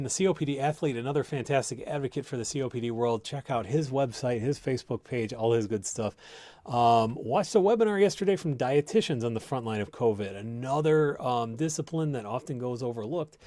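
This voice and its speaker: A man talks through health findings in a relaxed, explanatory way, often stopping to restart a thought. His voice sits at an ordinary middle pitch. It sounds close and dry, with no room echo. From United States. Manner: conversational, explanatory, many fillers and restarts. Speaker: host and clinician. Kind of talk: live-stream health talk, reading viewer comments.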